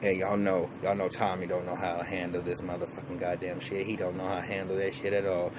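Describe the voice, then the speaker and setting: A man's voice: deep voice, completely flat delivery, quick pace, background noise. A man giving a casual, profane, rambling episode recap, full of restarts and fillers. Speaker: TV show reviewer.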